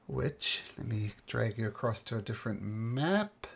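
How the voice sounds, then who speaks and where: A woman runs a tabletop game over a voice call. She narrates in a relaxed, chatty way with fillers and restarts. Her voice is husky and breathy. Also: a bass voice, measured pace, hardly any pauses. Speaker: game master. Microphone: computer mic on a voice call.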